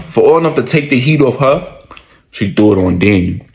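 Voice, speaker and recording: A man's voice: mid-range voice, moderate pace. A man casually telling a story in slangy, profane speech, often repeating his lines for emphasis.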